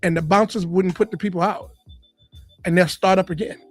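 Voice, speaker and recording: Man from Boston, comedian guest, high voice, lively storytelling, punchline delivery. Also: brisk, soft background music. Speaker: comedian and radio personality, guest. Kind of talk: storytelling in a casual interview.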